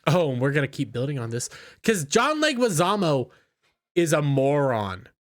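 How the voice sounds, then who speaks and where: A man's voice: on the high side, very animated, normal speed. A man giving opinionated commentary in an indignant, scornful, ranting manner. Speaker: YouTube commentator.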